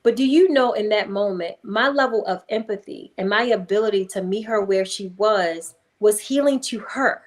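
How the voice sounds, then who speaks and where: A woman, a hypnotherapist, speaking as a guest in a conversational interview and telling a story in a calm, emphatic way. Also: medium pitch, moderate pace, few pauses. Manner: calm, emphatic, acts out voices in anecdotes.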